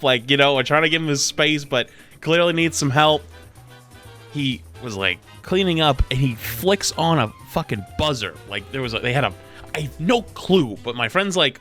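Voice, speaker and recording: Bright-voiced young male streamer. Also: medium pitch. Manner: animated, profane, often gets loud. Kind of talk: casual storytelling while gaming.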